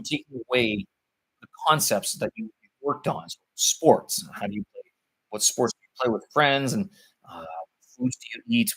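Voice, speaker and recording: His mid-range voice is a bit bright, though the audio is poor. In a live stream about teaching English abroad, he meanders and gropes for words while thinking aloud.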